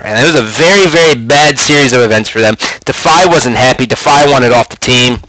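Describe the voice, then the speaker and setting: A man's voice: medium pitch, a little fast, no room sound, low-quality recording. A young man hosting his own show, telling a long casual story with lots of swearing and acted-out quotes. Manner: profane, animated storyteller, acts out quoted lines. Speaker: podcast host.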